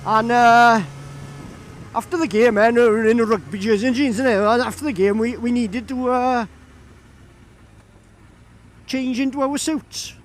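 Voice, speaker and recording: A man's voice: extremely high pitch, fairly even intonation, unhurried, pauses often. A young Welsh man with a Welsh accent, chatty and laughing as he tells a story casually, outdoors by a road. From Wales. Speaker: vlogger. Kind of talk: casual anecdote.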